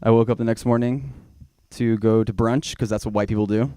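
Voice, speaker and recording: In a small comedy bar, a young man's stand-up routine winds through a self-mocking story, broken up now and then by loud, shrill shouts. He speaks briskly in a steady, clean tone, and the recording is dry with clean studio sound.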